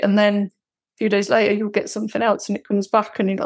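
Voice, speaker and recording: A woman's voice: medium pitch, steady tone, fast talker. A woman, frankly recounting her frustrations as a therapy client. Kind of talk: candid personal account.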